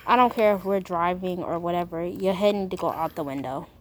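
A woman's voice: on the low side, brisk, a little hiss or hum. Young female student guest, blunt and emphatic, easy conversational tone. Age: young adult. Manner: frank, emphatic opinions. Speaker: podcast guest. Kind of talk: casual chat.

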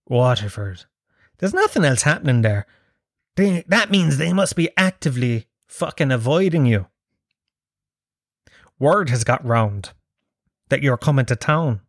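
Swearing comedian, dry close sound. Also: male voice, a little high, expressive, normal speed, dry recording. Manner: profane, self-mocking, builds to punchlines. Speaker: stand-up comedian. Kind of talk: casual storytelling.

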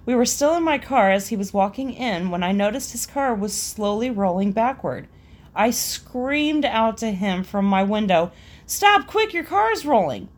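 A woman's voice: mid-range voice, lively intonation, normal speed, darkish tone. Amused woman reading stories. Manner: amused, laughs between stories. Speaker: storyteller reading listener stories. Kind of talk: casual story reading.

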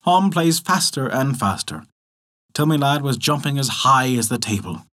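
A man narrating a folk tale in an expressive storytelling manner. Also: mid-range voice, moderate pace.

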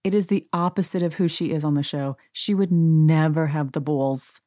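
A woman's voice: low voice, steady tone, normal speed, mellow, no echo, clean studio sound. A woman host casually recapping a reality show, sarcastic and rambling. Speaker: podcast host.

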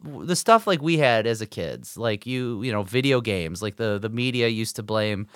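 A man's voice: on the low side, expressive, moderate pace, a bit bright, clear, resonant tone, no echo, studio quality. A man in his forties co-hosting a podcast, telling stories in a rambling, filler-heavy casual chat. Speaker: podcast co-host.

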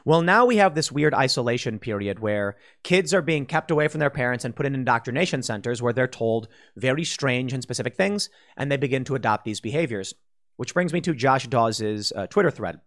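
A man talks through a political commentary monologue. His pitch sits in the middle of the male range. He rambles and restarts often, with plenty of fillers. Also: expressive, a little fast, fairly bright tone. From Chicago. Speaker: commentary host.

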